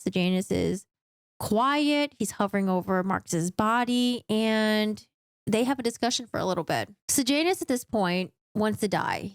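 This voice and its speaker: A woman's voice: medium pitch, dry recording, studio quality. A woman giving a chatty, casual book recap with frequent asides and fillers.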